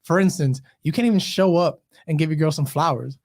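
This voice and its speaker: A man with a slightly high voice talks very fast on a podcast. Recorded in a studio, he pushes his point insistently in casual, joking chat. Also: a little mellow. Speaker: podcast co-host.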